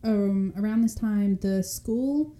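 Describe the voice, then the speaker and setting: A woman's voice: medium pitch, takes it slowly, dark tone. A young woman telling a true crime story in casual chat, laughing often and acting out the people in it. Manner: chatty, laughs often, acts out quoted voices.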